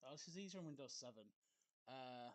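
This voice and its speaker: A man with a brisk, medium-pitched voice streams a game, muttering to himself and chuckling as he fiddles with his desktop computer microphone in casual live stream chat.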